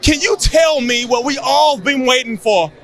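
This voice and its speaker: A man doing a wildlife TV host impression that barely lands, a very high, bright voice shouting playful questions. The Australian twang hardly comes through at all. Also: unhurried, creaky, faint music behind, exaggerated voice. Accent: weak, failed Australian put-on.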